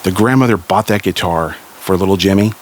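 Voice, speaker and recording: A man from Southern California telling a family story in a casual spoken way, lively and raising his voice for the people he quotes. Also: brisk. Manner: animated, raises pitch for quoted characters.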